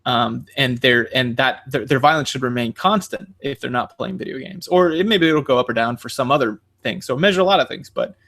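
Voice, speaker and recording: A man co-hosting a podcast in casual chat, rambling with many fillers and animated quoting. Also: medium pitch, a little fast, few pauses. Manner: animated, jumps into quoting others. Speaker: podcast co-host.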